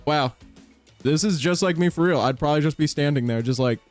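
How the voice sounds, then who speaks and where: A man's voice: fairly quick, faint music behind. Giggly man streaming a dating game. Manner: playful, giggly, jumps into high-pitched bursts. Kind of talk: reading a dating game aloud and reacting.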